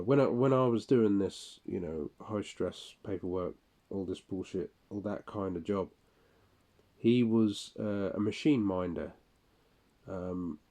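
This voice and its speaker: A man's voice: lowish voice, dark tone. A man speaking a casual monologue for his audio log, rambling, profane and weary.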